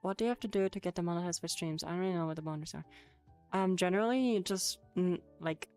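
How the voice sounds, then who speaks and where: Giggly low-voiced woman streaming a lesson. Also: fast, dark tone, clean tone. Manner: giggly, swears, chatty and loose. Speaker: streamer teaching Japanese. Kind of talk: casual live-stream lesson, answering chat. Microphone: headset. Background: faint music playing.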